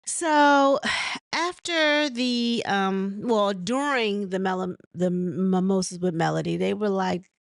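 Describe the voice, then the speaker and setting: Woman, casual reality show recap, rambling, laughs often, dry close sound, mid pitch. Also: slow, gravelly, no room sound. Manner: rambling, laughs and mimics cast members' lines; many fillers and restarts. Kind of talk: casual chat recapping an episode.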